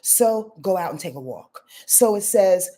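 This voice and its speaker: A woman hosting a live astrology reading, talking casually and profanely with emphatic repetition, sometimes sinking to a hushed whisper. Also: mid-range voice, expressive, unhurried. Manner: drops to a hushed whisper at times. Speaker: astrology show host.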